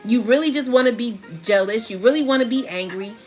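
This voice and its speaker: A woman's voice: fairly high pitch, fairly quick, faint music behind. A woman giving a casual spiritual tarot reading, talking in a chatty, slangy, laughing way. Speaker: tarot reader.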